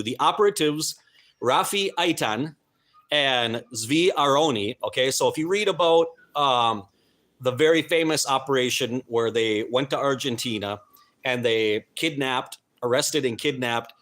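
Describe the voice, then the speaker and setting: Earnest and emphatic, a live stream host talks in a fairly bright, medium-pitched voice. Now and then he trips over names and words.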